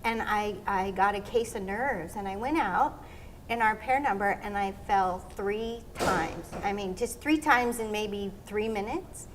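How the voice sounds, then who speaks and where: A middle-aged woman being interviewed, telling stories in an animated way and acting out what people said. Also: mid-range voice, unhurried, slight background noise. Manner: animated storyteller, acts out quotes. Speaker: interview guest, former pro skater. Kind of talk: casual storytelling interview.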